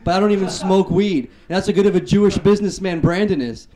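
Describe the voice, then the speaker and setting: A young man from Canada works through a stand-up set, his voice sitting a little high. He snaps out one-liners with confident timing. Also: fast, mellow. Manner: punchy one-liner delivery. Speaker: stand-up comedian.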